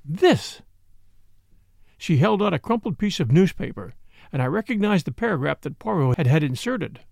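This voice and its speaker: Brief: male audiobook narrator, gravelly texture, measured. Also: fairly high pitch, expressive, a little mellow, dry recording, clean studio sound. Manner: measured storytelling.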